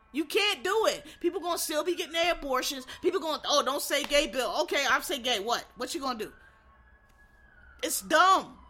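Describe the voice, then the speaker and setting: A high-pitched American woman with a sharp, bright tone lets loose in a casual rant. She is blunt and heated and swears freely as she talks. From United States.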